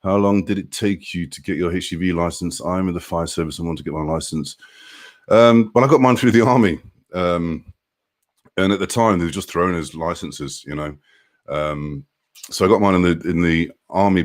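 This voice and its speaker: With a deep voice, fairly even intonation, and a brisk pace, a truck driver talks casually on his live stream. He reads out viewers' comments, greets them by name, and laughs often.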